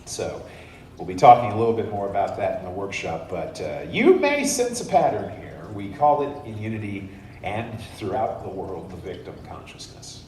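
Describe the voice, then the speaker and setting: A man giving a sermon in a church, speaking in an unhurried, conversational and playful way. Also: fairly low pitch, wildly swooping pitch, darkish tone, slight background noise. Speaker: guest speaker. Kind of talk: sermon with humor. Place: church sanctuary. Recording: echoey church hall, mic far off.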